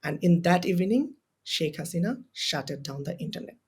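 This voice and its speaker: A man's voice: on the high side, lively intonation, normal speed, vocal fry, breathy edge. A young man with a Bangladeshi accent and Bengali as his first language talks as a guest on a podcast interview. He is a university student and speaks with raw emotion. He stresses his points by saying them again and again. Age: young adult. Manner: impassioned, emotional, repeats phrases for emphasis.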